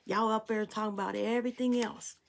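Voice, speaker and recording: A woman with a fairly high, gravelly voice speaks fairly quickly in a steady tone as she gives a spiritual tarot reading. She addresses her viewers directly, preachy, blunt, and emphatic, with casual swearing here and there.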